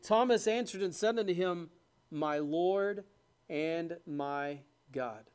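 With a clear, resonant tone, a male preacher gives a church sermon full of King James-style scripture quotations, alternating between loud, quick exclamation and soft, hushed emphasis.

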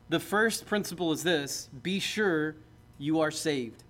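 A man's voice: fairly high pitch, slow, fairly bright tone. A man, a pastor, preaching a sermon in a conversational, joking way that builds to emphatic points.

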